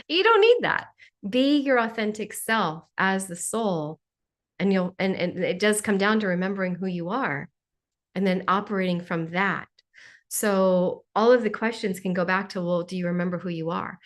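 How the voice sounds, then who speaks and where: A woman with a mid-range voice and moderate pace hosts a spiritual Q&A on a live video call. She keeps things playful and jokey, tossing in sarcastic asides and mimicking voices.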